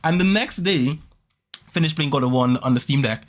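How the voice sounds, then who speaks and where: A man hosting a podcast, telling a story in casual chat, rambling and animated, with quick restarts and repeats. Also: fairly high pitch, slight background noise. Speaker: podcast host.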